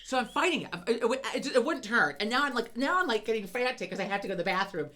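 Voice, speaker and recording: A middle-aged woman co-hosting a podcast, telling a story in casual chat, animated, swearing freely and laughing as she goes. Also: on the high side, fast talker, slight background noise. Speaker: podcast co-host.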